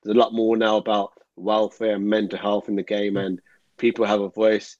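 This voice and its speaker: Guy, low voice, earnest and rambly, lots of "you know", kinda dull dry audio. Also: flat delivery, normal speed, a little mellow, no room sound. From England. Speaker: guest, former professional footballer. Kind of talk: reflective interview talk.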